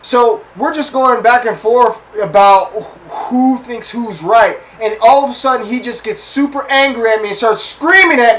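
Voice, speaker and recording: High-voiced male host, casual storyteller, chatty and slangy with listeners. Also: moderate pace, hardly any pauses, a bit bright, rough recording.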